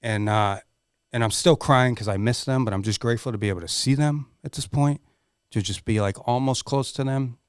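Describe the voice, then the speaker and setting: Speaking fairly quickly in a clear, resonant, medium-pitched voice, a middle-aged man opens up as a podcast guest. His personal story is candid, earnest and emotional, peppered with free swearing, and the studio-quality recording has no echo.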